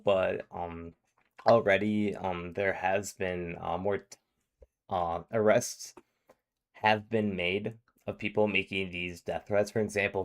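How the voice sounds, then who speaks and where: A man with a fairly low voice reacts to a clip in loose, casual commentary. He rambles, trailing off and restarting his sentences with plenty of fillers. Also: vocal fry.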